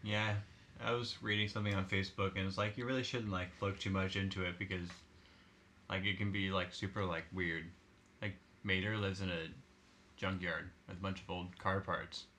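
Deep-voiced young man, filler-heavy chat. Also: flat delivery, moderate pace, bright, forceful tone, slight background noise. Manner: filler-heavy talk, lots of "like". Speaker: podcast co-host. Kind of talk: casual chat.

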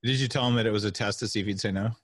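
A middle-aged man telling stories as a podcast guest, lively and acting out the voices of the people he quotes. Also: fairly low pitch, racing, no echo, clean studio sound. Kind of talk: animated storytelling interview.

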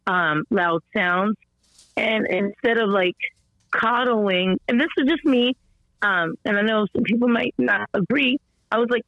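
A woman as a podcast guest telling a story about her son in a rambling, animated way, full of fillers and restarts, her voice slightly strained, as she acts out the people she quotes. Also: mid-range voice, a little slow, dry recording. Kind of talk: conversational storytelling interview. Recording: dull lo-fi dry sound.

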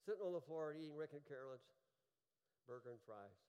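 An older man preaching a sermon with personal stories, earnest and emphatic, swinging from hushed moments to fervent peaks. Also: on the high side, lively intonation, a little fast, smooth, muffled recording. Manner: earnest, emphatic, rising to fervent peaks then dropping soft. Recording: long hall reverb.

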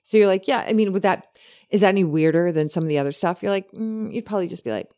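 A woman co-hosting a podcast, chatting casually and retelling a story with many animated quotes. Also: fairly low pitch, quick pace. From lived in California. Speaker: podcast co-host.

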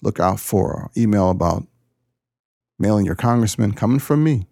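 A man hosting his podcast, a pastor talking in a casual, folksy, jokey way, with sudden jumps up in pitch. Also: animated, moderate pace, creaky, dark tone, no echo, clean studio sound. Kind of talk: casual chat.

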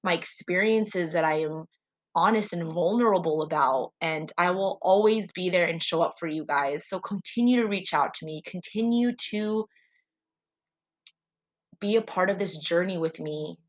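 A woman talks alone on her faith podcast in a slightly low voice. She speaks earnestly and prayerfully, heartfelt and sincere, as she addresses her listeners. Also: normal speed, low-quality recording. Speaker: podcast host. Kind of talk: solo faith podcast monologue.

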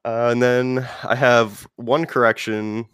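A man's voice: medium pitch, little pitch movement, takes it slowly, a bit bright, clear, resonant tone, no echo, clean studio sound. A man hosting a podcast in casual, rambling chat full of fillers. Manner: rambling, filler-heavy and conversational. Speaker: podcast host.

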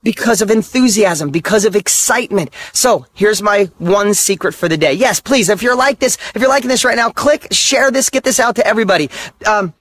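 A man's voice: high-pitched, brisk, fairly bright tone. A middle-aged man, a motivational speaker and author, delivering an emphatic monologue in short repeated statements, candid and blunt with the odd mild swear word.

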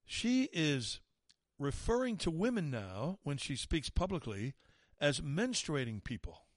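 A man's voice: fairly high pitch, big pitch swings, measured pace, no echo, clean studio sound. Indignant man ranting on talk radio. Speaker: radio talk show host. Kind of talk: opinionated talk radio monologue.

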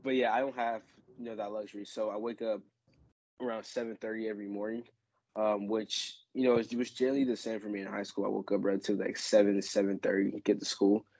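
Young male student, husky gravelly voice, flat and low, dry close sound, rambling casual talk. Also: quick pace, dry recording. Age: young adult. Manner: relaxed, rambling, self-mocking sarcasm. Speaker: college student. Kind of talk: casual group chat.

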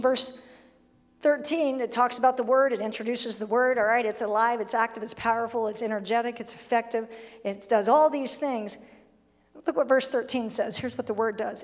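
A woman's voice: a little high, in a large hall. A woman pastor preaching a sermon, emphatic, blunt and humorous, sometimes acting out the voices she quotes. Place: church sanctuary.

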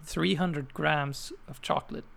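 A man co-hosting a podcast, telling stories in casual chat, halting and relaxed. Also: on the high side, creaky. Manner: relaxed storytelling, halting with fillers. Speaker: podcast co-host.

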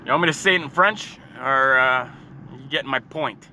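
A young man ranting profanely and sarcastically, jumping from loud outbursts to low muttering. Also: normal speed, slight background noise. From Canada. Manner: swears constantly, sarcastic, swings between shouting and muttering. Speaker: hockey fan ranting. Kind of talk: profane casual rant.

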